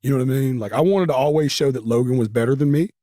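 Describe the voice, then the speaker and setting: A man's voice: mid-range voice, very fast, warm tone, no echo, clean studio sound. A man, telling stories casually as an interview guest, with lots of fillers. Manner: drawling Southern talk with many fillers.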